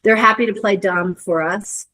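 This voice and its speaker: A middle-aged woman, a guest in a conversation, telling a reflective story with many restarts and searching pauses. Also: mid-range voice, sharp tone, rough recording. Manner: earnest, searching, lots of hedges and restarts. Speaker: interview guest.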